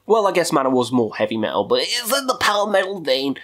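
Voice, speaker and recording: A man's voice: a little high, very animated, fast, fairly bright tone. Profane goofy man counting down albums. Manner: profane, goofy, jokey asides. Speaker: metal music YouTuber. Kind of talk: casual video countdown.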